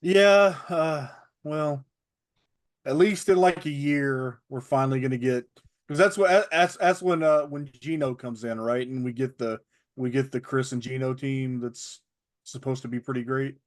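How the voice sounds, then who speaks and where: A man's voice: medium pitch, a little slow. A man co-hosting a wrestling podcast in casual chat, wry and given to swearing. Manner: wry, profane. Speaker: podcast co-host.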